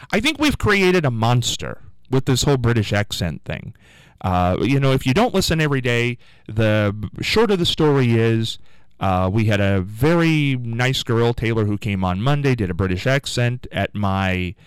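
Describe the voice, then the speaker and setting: Chatty male radio host, lively pitch. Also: clear, resonant tone, dry recording. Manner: chatty, rambling, self-deprecating. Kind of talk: casual on-air storytelling. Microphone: studio microphone.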